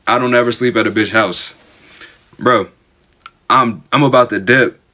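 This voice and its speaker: A man's voice: mid-range voice, steady tone, unhurried, pushed and bright. A man telling a personal story casually to camera, chatty and stammering. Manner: chatty, repeats "bro", stammers.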